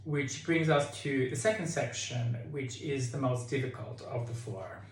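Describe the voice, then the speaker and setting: Slow, echoey male choir director. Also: medium pitch, slight background noise. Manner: explains calmly, sings phrases to demonstrate. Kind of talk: choir singing tutorial. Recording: echoey room with keyboard.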